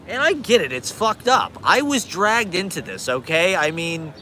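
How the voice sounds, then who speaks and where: A man's voice: high voice, very animated, measured pace, pauses often, pushed and bright, slight background noise. A man in his forties live streaming outdoors on a city street from a handheld phone, ranting in a rambling, profane, sarcastic and self-deprecating way. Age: 40s. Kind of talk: casual live stream rant.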